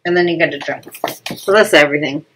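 A woman in her thirties talks through a snack box in casual family chat, laughing easily and tripping over foreign product names. Her voice is bright and forceful and sits a little low. A faint hiss runs under the recording. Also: fast talker, rough recording. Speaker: family channel host.

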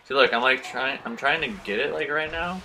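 A man's voice: medium pitch, brisk, background noise. A young man hosting a gaming video, chatting in a goofy, playful way. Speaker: gaming channel host. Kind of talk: casual gaming chat.

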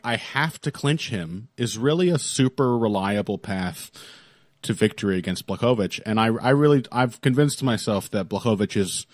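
A man co-hosting a casual podcast chat, talking animatedly and hedging with quick restarts. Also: on the low side, dry recording, studio quality. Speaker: podcast co-host.

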